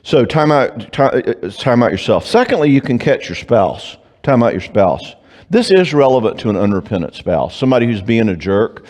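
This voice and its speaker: A man's voice: mid-range voice, moderate pace. A man giving a live talk at a church marriage conference, telling stories and acting out dialogue with humor. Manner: animated, acts out quoted dialogue with humor. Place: church before a live audience. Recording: long reverb of a church hall.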